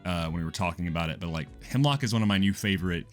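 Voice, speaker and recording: Man, podcast co-host, lower voice, rambling chatter, quick laughs, faint lo-fi music underneath. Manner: rambling, quick, laughs often, self-correcting. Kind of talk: casual podcast review chat.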